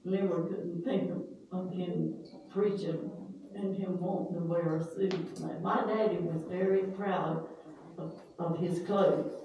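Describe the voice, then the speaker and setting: A woman's voice: lowish voice, steady tone, a little slow, dark tone. An older woman telling family stories in a rambling way, stopping to search for names. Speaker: family storyteller. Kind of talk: casual family reminiscing. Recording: roomy echo, distant mic, faint hiss.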